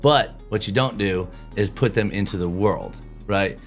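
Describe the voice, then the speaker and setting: A man in his thirties chats casually on a podcast, blunt and full of swearing. His voice sits low. Faint music plays behind him. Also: a little slow. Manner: blunt, profane, animated storytelling. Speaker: podcast co-host.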